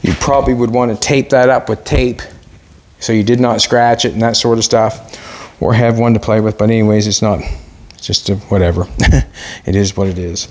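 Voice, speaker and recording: A man's voice: lowish voice, fairly even intonation, moderate pace, darkish tone. A middle-aged man hosting a casual workshop vlog, chatty and talking to himself as he works. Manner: chatty, talks to himself while working. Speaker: host and car builder.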